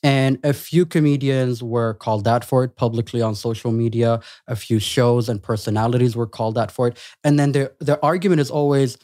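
Man, mid pitch, podcast host, measured, casual talk. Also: darkish tone. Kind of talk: casual discussion.

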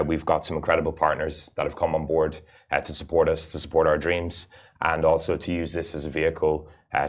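A man, a rally racer and guest, giving earnest, explanatory interview answers with frequent "uh" fillers. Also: a bass voice. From Ireland.

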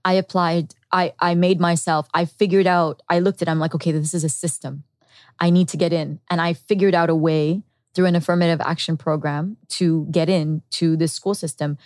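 A woman's voice: lowish voice, fairly even intonation, normal speed, darkish tone, no echo, studio quality. A woman guest on a podcast, earnestly and candidly telling her personal story and acting out her past thoughts. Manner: earnest and reflective, with quoted inner thoughts.

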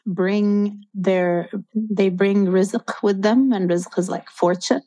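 A woman's voice: mid-range voice, fairly even intonation, slow pace, mellow. A woman in her thirties, an interview guest, telling a personal story in an earnest, open and reflective way.

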